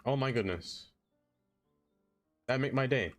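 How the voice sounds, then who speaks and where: A man's voice: on the low side, lively intonation, normal speed, soft background music. A man streaming a game, chatting casually, laughing often and talking to the objects he builds. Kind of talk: casual live-stream chat.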